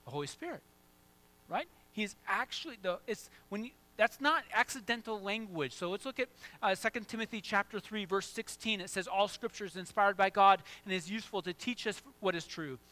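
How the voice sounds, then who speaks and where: A man delivers a sermon in a bright, fairly high voice. He drops to a hushed, prayerful murmur, then climbs into loud, excited bursts of emphasis. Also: brisk. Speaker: pastor.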